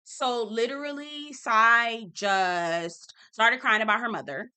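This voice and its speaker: Female recap host: bright, forceful delivery, sassy and profane, casual review. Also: a little high, slow pace, clean tone.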